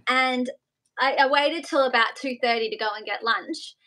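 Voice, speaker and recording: A woman's voice: sits high, moderate pace, bright, forceful tone, poor audio. A woman singer, a guest chatting in a bubbly, giggly way on a live video call interview. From Australia. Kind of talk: casual live interview chat.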